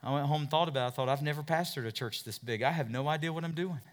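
A middle-aged male pastor preaching a sermon in a church, asking the congregation questions and swinging from loud, emphatic lines to hushed, near-whispered appeals. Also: fairly high pitch, very fast. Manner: asks the congregation questions and repeats words as he builds.

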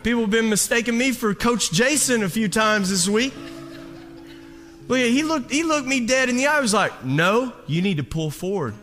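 A man, a pastor, telling an animated, self-mocking story in a sermon, now and then raising his voice to a shout. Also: very high-pitched, normal speed. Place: church hall. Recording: long hall reverb with faint guitar.

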